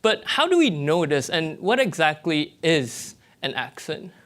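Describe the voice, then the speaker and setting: A young man with a Malaysian English accent, giving a lively, explanatory TED-style talk as a graduate student presenter and checking in with his audience. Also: on the high side, a little slow.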